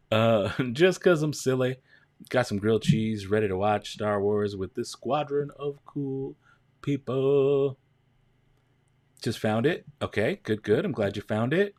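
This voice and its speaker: A man hosts a relaxed livestream, chatting easily with his viewers. He calls out their names and counts them down together, speaking at an average pitch. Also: measured pace, no room sound. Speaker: livestream host. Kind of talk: casual livestream chat.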